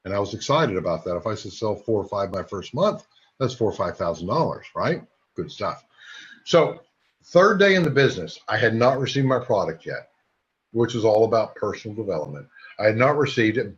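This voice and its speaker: A man in his sixties giving a sales training talk, a lively storyteller who throws quick asides to his audience. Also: fairly low pitch. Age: 60s. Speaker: network marketing trainer. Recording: dull lo-fi recording.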